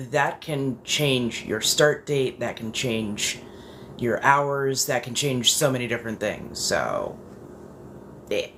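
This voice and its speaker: A woman's voice: extremely low pitch, slight background noise. A tired woman who is just waking up, chatting bluntly and casually on a body-doubling livestream and swearing freely. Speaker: livestream host.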